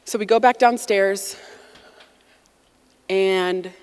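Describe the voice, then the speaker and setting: A woman in her forties from the United States, telling a personal story to an audience in a lively, conversational way and acting out the quotes. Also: mid-range voice, very slow, smooth.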